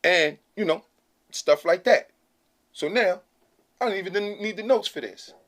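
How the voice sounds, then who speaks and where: A man's voice: high-pitched, measured pace, a bit bright. A man hosting his own channel, talking casually to camera in a blunt, slangy, emphatic way that keeps checking in with "okay?". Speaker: channel host.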